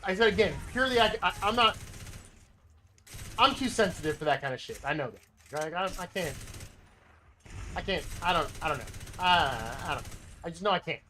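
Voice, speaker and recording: A man's voice: on the high side, animated, a little fast, long pauses, pushed and bright, slight background noise. A man livestreaming a game, telling a story in a rambling, self-interrupting way and swearing casually. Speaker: livestreaming gamer. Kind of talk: casual storytelling while gaming.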